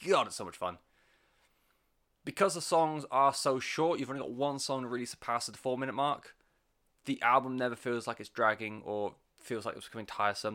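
A man's voice: mid-range voice, a bit bright. A man giving a casual, enthusiastic music review, rambling with plenty of fillers and swearing. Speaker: album reviewer.

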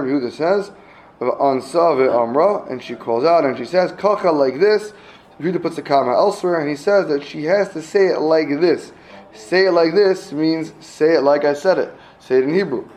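A man with a fairly high voice and darkish tone teaches a class, reading a text aloud phrase by phrase and translating each line. He checks in with his students, asks them questions, and repeats himself, and the audio is poor.

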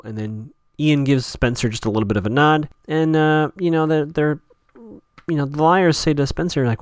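A man's voice: fairly high pitch, lively intonation, normal speed, clear, resonant tone, no echo, clean studio sound. A man hosting a podcast, casually recapping a TV episode in a rambling, chatty way with lots of fillers and self-corrections.

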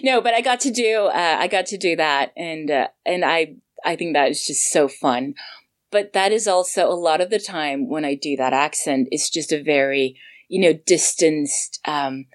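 A woman's voice: low voice, moderate pace. A woman voice actor talking as an interview guest, enthusiastic and gushing, with many fillers. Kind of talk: casual interview chat.

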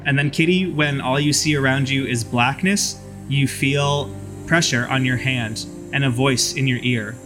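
A man's voice: mid-range voice, unhurried, over music. Man narrating as game master. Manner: vivid descriptive narration.

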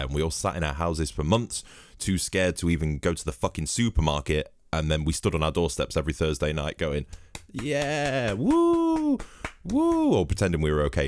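A man's voice: a bass voice, no echo, clean studio sound. A man hosting his own podcast, telling rambling, cheeky, profane stories while he drinks at his home microphone. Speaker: podcast host. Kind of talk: comedic podcast monologue.

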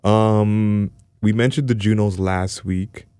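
A man from Canada co-hosting a podcast, chatting casually and joking, with quick restarts and fillers. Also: on the low side, steady tone, mellow, clear, resonant tone, dry recording, clean studio sound. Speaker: podcast co-host. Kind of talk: casual chat.

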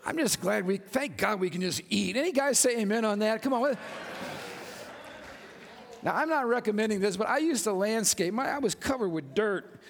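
High-voiced preacher in a reverberant hall. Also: male voice, moderate pace, gravelly. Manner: animated, joking, calls out to congregation. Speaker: pastor. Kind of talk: sermon.

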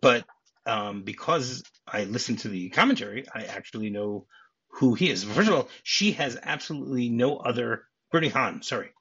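A man's voice: medium pitch, animated, moderate pace, sharp tone, husky, muffled recording. A man co-hosting a podcast, chatting casually and explaining film scenes and trivia at length. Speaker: podcast co-host.

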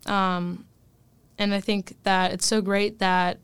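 A woman's voice: mid-range voice, little pitch movement, slow, fairly bright tone, clear, resonant tone, no echo. A young woman, a first-year college student, talking casually in an interview, chatty with many fillers and laughs. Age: young adult. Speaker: student guest.

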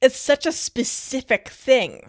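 A woman co-hosting a podcast, chatting casually and laying out ideas quickly. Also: high voice, big pitch swings. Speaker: podcast co-host. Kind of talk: casual chat.

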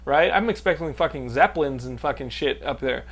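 A man's voice: fairly high pitch, fairly quick. Man, 30s, from Texas. A podcast host telling loose, profane stories in a slightly raised voice. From Texas, United States. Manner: profane, rambling, laughs through his stories. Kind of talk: casual podcast chat and storytelling.

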